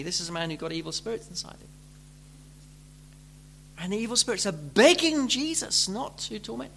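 A man preaching a sermon, building from gentle explanation to fervent, pleading emphasis. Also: high-pitched, expressive, moderate pace, creaky, long pauses, husky.

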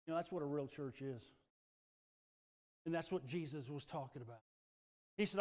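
A middle-aged male pastor delivers a fervent sermon in a slightly high voice. He swings between hushed, quiet lines and loud, rising passages. A long reverb from the church sanctuary trails after his words. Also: normal speed, long pauses.

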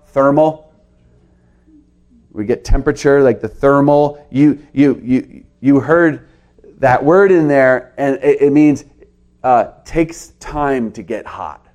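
Guy preaching a sermon, kinda high voice, earnest, goes up and down a lot. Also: darkish tone. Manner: earnest preaching, pitch rising and falling for emphasis. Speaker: pastor.

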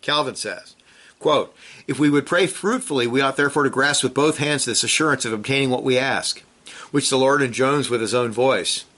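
A man preaches a sermon in a mid-range, slightly bright voice at a moderate pace. He reads scripture aloud with rising emphasis and presses his listeners with pointed rhetorical questions, his tone earnest and urgent.

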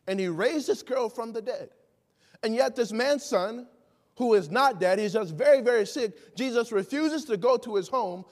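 High-voiced preacher in a reverberant hall. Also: male voice, animated, normal speed. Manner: emphatic, rhetorical questions, acts out quoted speakers. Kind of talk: sermon.

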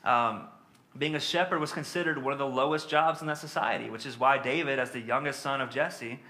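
A man's voice: mid-range voice, brisk, sharp tone. A man preaching a sermon in a conversational teaching manner, with frequent fillers and tag questions.

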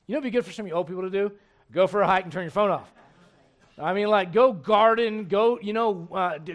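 This man is preaching as a church's pastor, forceful in delivery and shifting from booming outbursts to quiet asides.

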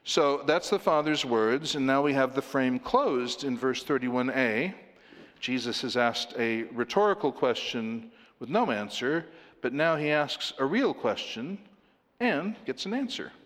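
A male preacher delivers a sermon in a big hall with long reverb. His voice moves lively up and down as he acts out little scenes. His pitch sits in the middle range. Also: measured pace. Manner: animated, acts out voices with laughs.

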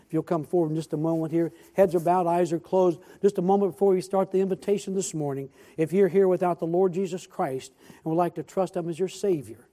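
A man preaching a church sermon, telling a story in a folksy, animated way with repeated words and restarts, then closing with earnest pleas. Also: on the high side. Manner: earnest, appealing pleas asking amen. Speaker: pastor. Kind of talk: sermon with storytelling and altar call. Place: church sanctuary.

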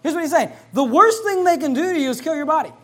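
A man preaching a sermon in an emphatic, conversational way, getting louder when he quotes scripture. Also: very high-pitched, animated, fast talker.

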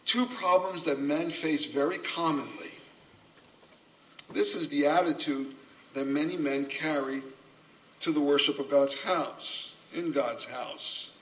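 An older man preaching a sermon, earnest and gently humorous, a self-described subdued speaker. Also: a little high, takes it slowly. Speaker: pastor. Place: church sanctuary. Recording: voice from a distance off the mic.

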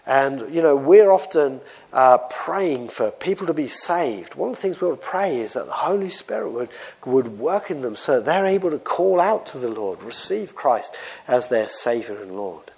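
A man delivering a sermon at a medium pitch. He talks in a loose, anecdotal way, often pausing on fillers as he builds his points. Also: big pitch swings, vocal fry, darkish tone, breathy edge. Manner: conversational, anecdotal preaching with frequent fillers. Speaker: preacher.

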